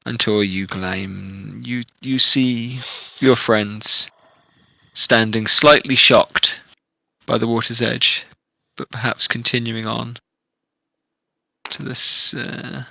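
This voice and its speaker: A man narrating a tabletop game as game master, with measured, descriptive storytelling. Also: medium pitch, steady tone, gravelly, sharp tone, no echo, poor audio.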